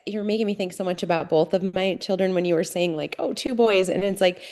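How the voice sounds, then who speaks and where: A woman's voice: lowish voice, steady tone, quick pace. A woman in her forties, a podcast guest telling family stories in casual conversation with frequent laughs. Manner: warm storytelling with frequent laughs.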